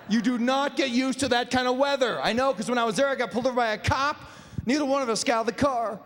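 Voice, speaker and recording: A man from Nebraska doing a stand-up comedy set, telling animated stories and acting out voices, in a large theater. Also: extremely high pitch, quick pace, few pauses. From Nebraska, USA. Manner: animated storytelling with acted-out voices. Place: large performing arts theater. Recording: live stage in an echoey hall.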